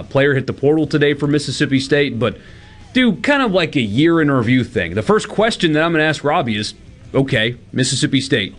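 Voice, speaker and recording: Lively male sports radio host. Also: a little high. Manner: lively, plugs upcoming segments. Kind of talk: sports talk radio chat.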